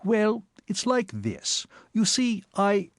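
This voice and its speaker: An awkward, sheepish young lord, as a male narrator plays him in an audiobook, stumbling over his words and hesitating. The voice lifts and dips in an animated way. The recording sounds close and dry. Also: sits high, slow, no echo, voice pushed up, full character voice. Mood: flustered. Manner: hesitant, stammering. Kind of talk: audiobook character voice.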